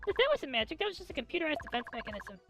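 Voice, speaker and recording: A woman reading aloud a curious young female researcher in a game, speaking in soft, hesitant apologies. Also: sits high, very animated, very fast, music in the background. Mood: apologetic.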